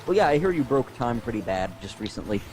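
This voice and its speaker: A man's voice: medium pitch, big pitch swings, quick pace, a little mellow, slight background noise. A man co-hosting a casual gaming podcast, rambling through wry descriptions and tangents. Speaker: podcast co-host.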